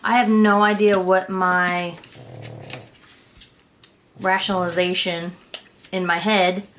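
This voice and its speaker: A woman's voice: lowish voice, a bit bright, slight background noise. A young woman vlogger chatting casually about her makeup, rambling and self-deprecating, with casual swearing. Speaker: beauty vlogger. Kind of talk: casual makeup declutter chat.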